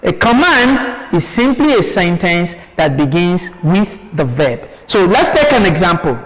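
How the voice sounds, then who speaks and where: Slow, sing-song male teacher with lively pitch. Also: long reverb tail, a crowd in the background, low-quality recording. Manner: slow, deliberate, repeats examples with exaggerated rising and falling tones; asks pupils questions and answers them himself. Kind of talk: classroom lesson on intonation. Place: TV studio.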